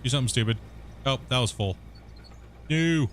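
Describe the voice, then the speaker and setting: Blunt streamer guy rambling on, mid pitch, bit of hiss behind him. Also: fast talker, fairly bright tone. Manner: rambling, blunt, swears when annoyed. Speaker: gaming streamer. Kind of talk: casual chat.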